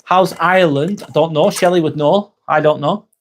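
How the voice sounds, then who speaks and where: A livestreamer from England chats casually with his audience, answering viewer comments by name and swearing freely. His English-accented voice sits a little high, and he talks at a moderate pace.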